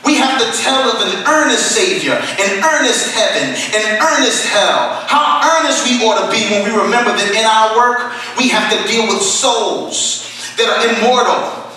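A man preaching a sermon, moving between quiet, low explanation and loud, impassioned exhortation. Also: animated, measured pace. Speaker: pastor. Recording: echoey hall, mic at a distance.

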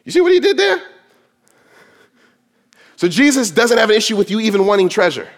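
A man's voice: high voice, big pitch swings, brisk. A man preaching a sermon to his congregation, emphatic and quoting scripture in dramatic voices. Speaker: pastor.

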